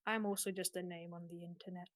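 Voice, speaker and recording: A woman's voice: on the low side, level tone, fast talker. A woman in a casual voice chat, giggly and playful, swearing freely.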